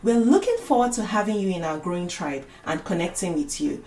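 A woman's voice: fairly low pitch, animated, brisk, a little mellow, faint music behind. A woman hosting a podcast, reading a scripted, inviting outro. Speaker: podcast host. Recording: echoey room.

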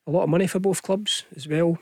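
A man's voice: fairly high pitch, fairly even intonation, fast, darkish tone, no room sound, clean studio sound. A Scottish man giving casual football punditry on radio, chatty and hesitant with frequent restarts. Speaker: football pundit, former player. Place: radio studio. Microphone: studio microphone.

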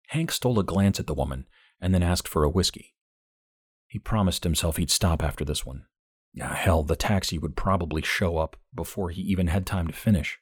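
A man narrating a short story in an even, measured way. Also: low-pitched, husky, no echo, clean studio sound. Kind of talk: audiobook fiction narration.

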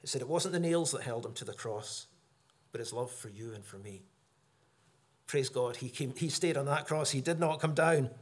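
A middle-aged man preaching a sermon, earnest, rising for emphasis and dropping low for solemn points. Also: moderate pace.

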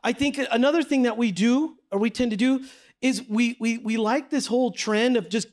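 A man teaching a Bible study class from slides, energetic and conversational, asking the group questions. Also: extremely high pitch, moderate pace.

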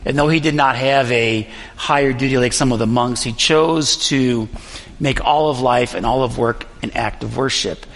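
A fairly young man preaches in a church, his middle-pitched voice gravelly with fry. He tells a personal story earnestly, pausing often. A long reverb from the large hall trails his words. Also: fairly bright tone. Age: young adult. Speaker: pastor. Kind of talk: sermon.

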